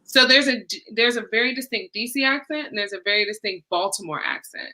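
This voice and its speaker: A woman's voice: a little high, brisk, pushed and bright. A woman guesting on a podcast in casual chat, chatty and often laughing mid-sentence.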